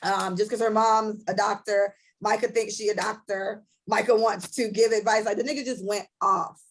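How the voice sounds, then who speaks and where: A woman's voice: medium pitch, steady tone, moderate pace, a little hiss or hum, poor audio. A young woman co-hosting a casual podcast, telling a story bluntly and profanely and acting out both sides of an argument. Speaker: podcast co-host.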